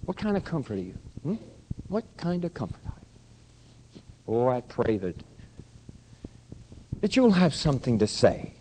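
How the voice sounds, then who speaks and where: An older man preaching a sermon as pastor, dropping to a hush and then rising to loud, pressing questions at his congregation. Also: lowish voice, a little hiss or hum, low-quality recording. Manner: swings from hushed to loud preaching.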